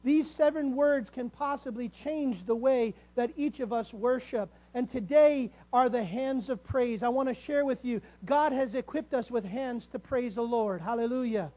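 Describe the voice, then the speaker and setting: A man with a high-pitched voice preaches a sermon to his congregation. He builds to emphatic calls and stretches key words out slowly for weight. The delivery is that of a pastor speaking from the pulpit. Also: dark tone.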